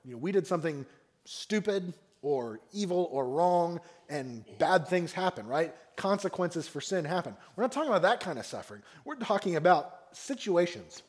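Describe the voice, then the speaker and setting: A man preaching a sermon on a psalm, speaking expressively and acting out the mockers and the psalmist in raised voices. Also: sits high. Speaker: pastor.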